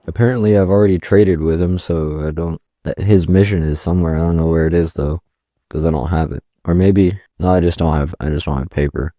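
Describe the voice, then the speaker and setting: This gameplay commentator's voice sits low and moves a little fast, captured dry with clean studio sound. He rambles through a survival game in casual let's-play style, reading item text aloud flatly as he goes.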